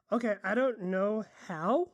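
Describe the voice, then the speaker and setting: A woman's voice: medium pitch, no echo. A woman photographer chatting casually in a vlog, rambling and enthusiastic, often correcting herself mid-sentence. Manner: drinking coffee while talking. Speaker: photographer and content creator.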